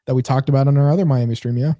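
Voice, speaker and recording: A man co-hosting a podcast, telling stories in an animated way and often breaking into laughter. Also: medium pitch, racing, no echo. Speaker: podcast co-host. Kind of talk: casual chat.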